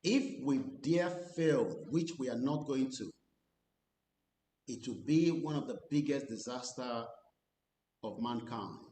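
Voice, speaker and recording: Here a Nigerian activist commentator alternates English with Yoruba, speaking in a mellow voice. He's deliberate and sincere, putting weight on important phrases. There's a roomy quality to the recording and a low rumble in the background.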